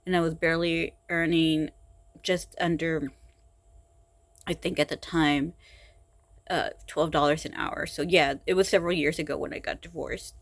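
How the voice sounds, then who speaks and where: Woman, exhausted, frustrated, halting speech, sighs, dry close recording. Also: deep voice, fairly even intonation, dry recording. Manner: halting, weary, full of sighs and restarts. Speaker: vlogger. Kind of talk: personal confessional vlog.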